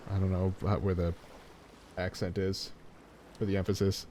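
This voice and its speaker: A man's voice: sits low, steady tone, normal speed, long pauses, a little mellow, slight background noise. A man streaming a video game, making casual, offhand asides and correcting himself as he reads. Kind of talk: casual gameplay commentary.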